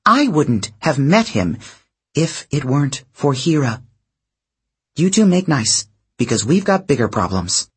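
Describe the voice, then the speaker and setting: A man voicing a determined teenage girl with a husky voice, speaking urgently and firmly. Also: fairly high pitch, very animated, a little slow, voice pushed up, heavily acted. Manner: urgent, pleading, firm.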